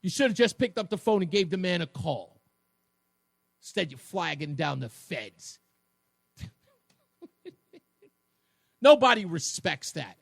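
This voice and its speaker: Guy hosting talk radio, high lively voice, mocking and emphatic, dead dry studio sound. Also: slow, vocal fry, long pauses, breathy edge, no echo. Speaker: radio talk show host. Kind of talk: fired-up talk radio monologue.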